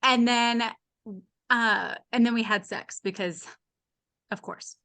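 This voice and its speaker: A woman's voice: fairly high pitch, takes it slowly, a crowd in the background. A woman in her late thirties or forties, a podcast guest telling a frank, funny personal story and acting out the voices of the people in it. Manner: animated, acts out the voices of others in her story; candid and frank, with a wry humor. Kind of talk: casual storytelling.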